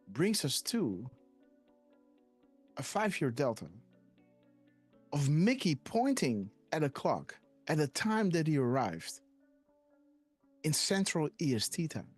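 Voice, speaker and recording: A man's voice: on the high side, husky. A man hosting a live decoding stream, rambling and hesitant, often tagging "guys, right?" onto his sentences. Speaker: host.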